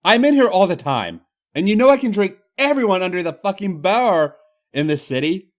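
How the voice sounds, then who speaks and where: A man voicing a brash, hard-drinking Irish woman wrestler who talks loudly and crudely in a thick Irish accent. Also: high-pitched, big pitch swings, normal speed, voice pushed up. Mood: boisterous. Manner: loud, foul-mouthed, boisterous.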